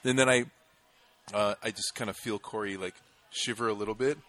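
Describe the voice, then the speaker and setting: Bright-voiced man telling a story animatedly. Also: on the low side, fairly quick. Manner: animated storyteller, laughs while telling, many fillers. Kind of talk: casual chat.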